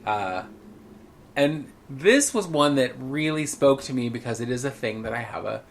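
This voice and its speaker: Man, podcast co-host, casual chat, swears freely, frank storyteller, even mid-range voice. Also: mid-range voice, normal speed, a little hiss or hum. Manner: candid, profane storytelling.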